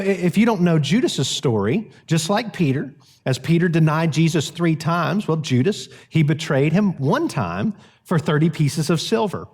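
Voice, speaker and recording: A man's voice: a little high, a little mellow, breathy edge. A man preaching a sermon as pastor, earnest and emphatic. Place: church sanctuary.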